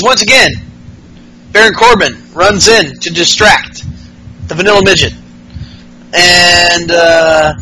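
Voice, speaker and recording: A male podcast host who rambles through a wrestling recap with plenty of fillers and swearing. His voice is bright and edgy and sits a bit high, with faint noise underneath. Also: rough recording. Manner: rambling, profane, with lots of fillers.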